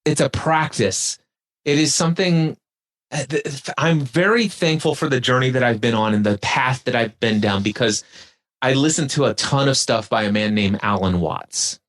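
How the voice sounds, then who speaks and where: Man, mid-pitched voice, reflective, guides listeners through spoken exercises, podcast guest. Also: normal speed, a bit bright. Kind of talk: casual spiritual conversation.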